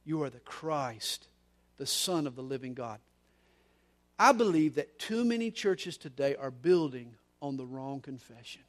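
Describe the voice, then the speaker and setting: A man preaching a sermon as pastor, moving between soft, low stretches and loud, emphatic ones, with occasional repeated words. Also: big pitch swings, a little slow. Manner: preaching with wide swings in loudness, from soft to emphatic.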